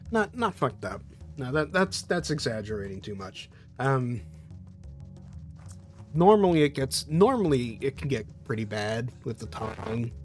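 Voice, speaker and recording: Slow, easygoing man streaming and chatting, rambling with restarts, faint music behind him. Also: medium pitch. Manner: rambling, loose and profane, with laughs and restarts. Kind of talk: casual live-stream chat.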